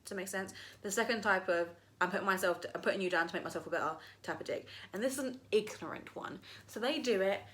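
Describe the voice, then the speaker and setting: A woman's voice: mid-range voice, fast, few pauses, fairly bright tone. A young woman ranting casually to camera, swearing freely and mocking people in put-on voices. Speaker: vlogger.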